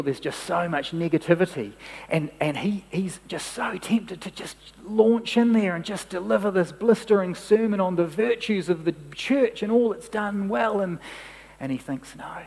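A man preaching, his voice a little husky. He tells a story from the pulpit and drops softly into quoted lines. His words ring out with a long reverb through a large hall. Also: on the high side. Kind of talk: sermon storytelling.

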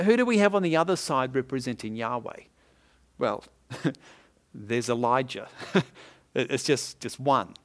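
A pastor delivers a sermon in a storyteller's manner. His voice sits a bit high for a man, and he breaks into chuckles and asides to the congregation as he goes. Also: fairly bright tone.

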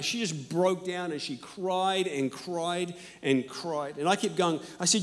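A man preaching a sermon and telling personal stories, animated and emphatic, moving between loud and hushed. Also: high-pitched, measured pace, hardly any pauses. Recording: echoey hall.

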